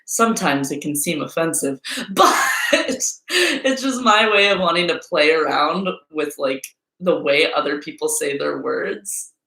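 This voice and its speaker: A woman's voice: low voice, lively intonation, unhurried, vocal fry, pushed and bright. A woman hosting a live Q&A stream, talking in a chatty, rambling way full of fillers. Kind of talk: casual live-stream chat. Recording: roomy echo.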